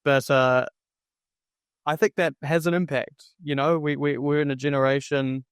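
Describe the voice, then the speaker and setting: A man's voice: fairly high pitch, little pitch movement, moderate pace, smooth, no room sound, clean studio sound. A man hosting a podcast, musing reflectively in a conversational way. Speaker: podcast host. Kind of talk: conversational interview.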